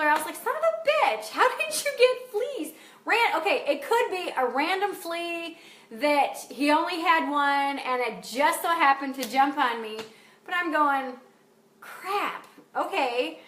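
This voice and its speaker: A woman's voice: high voice, pushed and bright, echoey room. A woman coach talking casually on a live video, chatty, laughing often and swearing freely. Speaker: life coach. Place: home in Wisconsin.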